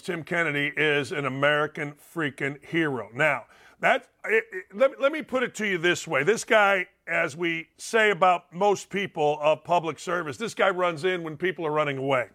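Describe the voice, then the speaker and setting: A man's voice: sits high, lively intonation, normal speed, sharp tone. A man hosting a talk show, ranting in a blunt, fired-up way and repeating himself for emphasis. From Indiana. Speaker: radio show host. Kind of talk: opinionated talk show monologue.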